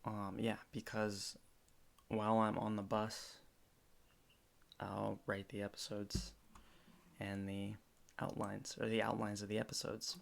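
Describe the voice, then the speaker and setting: Gravelly low-voiced man rambling casually. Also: completely flat delivery, measured pace, long pauses. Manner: rambling, self-correcting, jokey. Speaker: podcaster streaming live. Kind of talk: casual solo livestream chat. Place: room at home.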